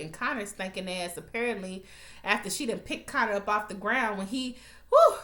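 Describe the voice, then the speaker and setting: A woman recapping a TV episode for her viewers in a blunt, animated, profane rant. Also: medium pitch, unhurried, roomy sound. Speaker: TV recap vlogger.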